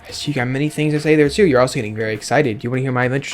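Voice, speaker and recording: A man's voice: medium pitch, racing, hardly any pauses. A man giving casual, sarcastic commentary with frequent swearing as he reacts aloud to a game's dialogue. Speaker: let's play gamer. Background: faint game music.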